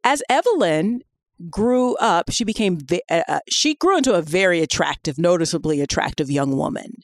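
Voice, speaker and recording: A woman co-hosting a podcast, telling a story in a casual, animated way with laughter and many fillers. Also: fairly low pitch, normal speed. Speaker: podcast co-host.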